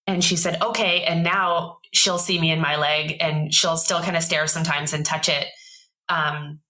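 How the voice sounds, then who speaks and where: Brief: thirties woman, podcast guest, low pitch, crisp forceful tone, lively storyteller. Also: rough recording. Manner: animated storyteller, acts out quoted voices. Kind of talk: casual storytelling interview.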